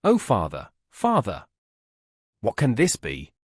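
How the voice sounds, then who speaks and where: A man voicing a gentle, frightened young woman with a raised, pleading voice in an audiobook. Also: wildly swooping pitch, takes it slowly, slightly rough, dry recording, studio quality, heavily acted. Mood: anxious. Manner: anxious, pleading, higher voice.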